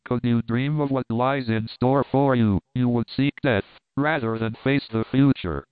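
A man voicing a scheming male doctor who talks in a solemn, measured, persuasive way. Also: medium pitch, smooth, no room sound, close to an everyday voice. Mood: grave. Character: scheming grave male doctor, middle-aged. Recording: narrow phone-like band.

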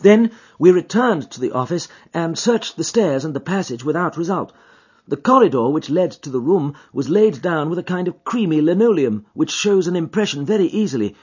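A man reading a first-person story aloud as an audiobook, with an expressive, dramatic delivery. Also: fairly high pitch, normal speed, husky. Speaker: audiobook reader. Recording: dull lo-fi recording.

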